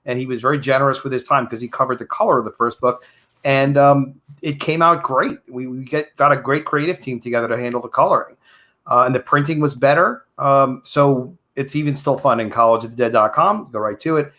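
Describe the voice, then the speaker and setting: A man's voice: medium pitch, a little fast, sharp tone. A man, a comic book creator, chatting easygoingly on a remote livestream call, with many hesitant fillers. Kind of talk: casual chat.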